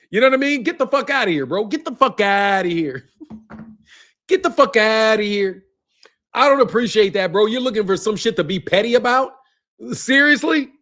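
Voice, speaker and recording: A man's voice: very high voice, a bit bright. A man hosting a casual boxing livestream, ranting profanely, laughing and tacking "bro" onto his lines.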